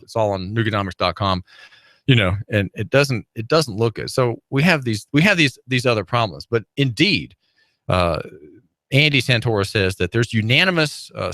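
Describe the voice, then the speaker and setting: A man's voice: lowish voice, sharp tone, no echo. Rambling male talk radio host. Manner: rambling, many fillers and restarts, wry chuckles. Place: radio studio.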